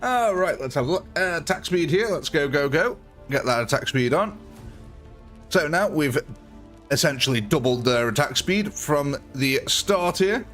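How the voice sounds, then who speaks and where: A man's voice: fairly high pitch, lively intonation, normal speed, a bit bright, soft background music. A young man chatting through a live gameplay stream, thanking viewers and talking through his choices.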